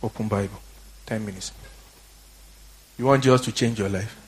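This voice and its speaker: Husky Nigerian preacher man. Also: lowish voice, fairly even intonation, moderate pace. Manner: fiery, exhorting, swings from quiet to shouting. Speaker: pastor. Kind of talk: sermon.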